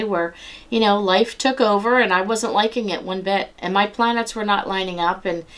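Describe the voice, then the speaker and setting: A middle-aged woman giving a personal devotional talk, earnest and conversational, slowing down and softening when she repeats scripture. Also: mid-range voice. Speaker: devotional speaker.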